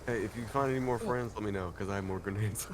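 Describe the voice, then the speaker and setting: A man's voice: lowish voice, quick pace, very noisy. A man joking and laughing with friends during a game stream. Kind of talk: casual gaming chat.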